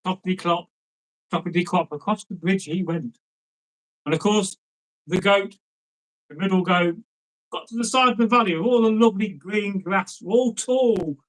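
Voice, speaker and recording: Man storyteller, casual folk tales, chatty and rambling, fairly high-pitched. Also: normal speed, a bit bright, low-quality recording. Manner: rambling, chatty asides, lots of fillers. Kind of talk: casual folk tale telling.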